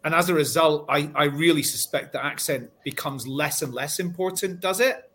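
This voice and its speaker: A man raised partly in Scotland speaks on a panel, his voice sitting a little higher than most men's. He talks in a chatty, animated way, often restarting his sentences as he goes. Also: normal speed, slight background noise. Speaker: panel guest. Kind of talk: casual panel discussion.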